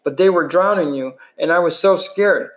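A man's voice: fairly high pitch, normal speed, pitched above the performer's own voice, close to an everyday voice. A man voicing a frightened, guilt-ridden teenage boy in a novel he reads aloud, in a plain everyday voice close to his own. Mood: scared.

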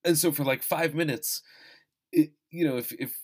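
A man's voice: a little high, moderate pace, husky. A man hosting a casual film-review talk, rambling and self-deprecating, with profane asides and frequent restarts. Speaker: podcast host reviewing films. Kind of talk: casual chat.

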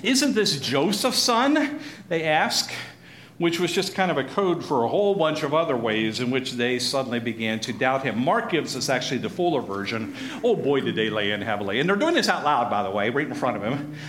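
A man teaching a Bible passage in a conversational way, animated and chuckling as he acts out the crowd. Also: mid-range voice, brisk. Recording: echoey room with faint noise.

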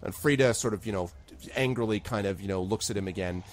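A man's voice: lowish voice, quick pace, slight background noise. A man running an online tabletop game as game master. He narrates loosely and uses lots of fillers. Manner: relaxed and hesitant, with many fillers.

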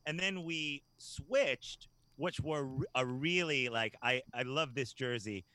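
A man from Virginia chats as a podcast guest in an even, mid-pitched voice. He rambles excitedly, laughs often and restarts his sentences as he goes. The tone stays loose and unscripted throughout. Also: slow pace, dry recording. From Hampton Roads, Virginia. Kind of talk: casual podcast chat.

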